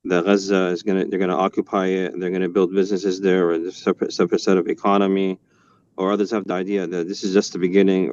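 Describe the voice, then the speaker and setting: A man's voice: low-pitched, darkish tone, slight background noise. A man hosting a podcast, asking long, hesitant questions with many fillers. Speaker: podcast host. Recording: dull lo-fi sound.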